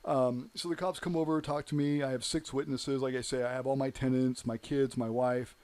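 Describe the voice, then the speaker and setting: A man's voice: medium pitch, fairly even intonation, fairly quick, a little mellow. A man hosting his own show, telling a story in a rambling, heated monologue full of "you know". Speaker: show host.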